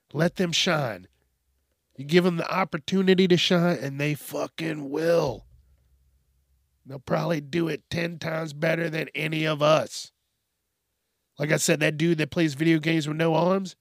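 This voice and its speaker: A man's voice: a little high, vocal fry, a bit bright, no echo, studio quality. A man hosting a podcast, ranting bluntly and profanely in a rambling monologue. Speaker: podcast host.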